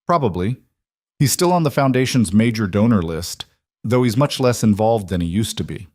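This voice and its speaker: A composed, thoughtful woman speaks in a calm, measured way, a little higher than the teller's own voice, as a male narrator puts her on. The voice is low and steady, and the recording is dry and close. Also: dry recording. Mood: calm reflective. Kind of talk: audiobook narration.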